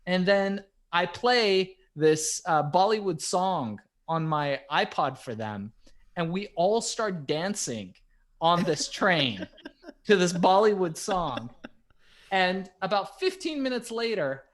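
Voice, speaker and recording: Animated storytelling man. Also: high-pitched, takes it slowly. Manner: animated, swings from hushed to loud. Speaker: podcast co-host. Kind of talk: casual storytelling chat.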